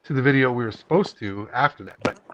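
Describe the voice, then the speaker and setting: A man's voice: mid-range voice, fast talker, crowd noise. A man hosting a live stream in casual chat, talking in a candid, earnest way. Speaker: livestream host. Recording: muffled lo-fi stream with background noise.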